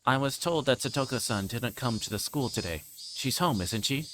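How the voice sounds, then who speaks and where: A man's voice: mid-range voice, normal speed, a bit bright, a little hiss or hum, natural voice, rough recording. A man voicing a formal, insistent adult child-welfare caseworker on the phone.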